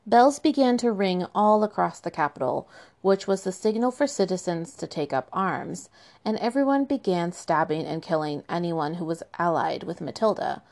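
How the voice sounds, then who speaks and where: Give me a sarcastic woman host retelling history, with a gravelly, low voice. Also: lively intonation, normal speed, a little mellow. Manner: sarcastic, profane asides. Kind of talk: irreverent history storytelling.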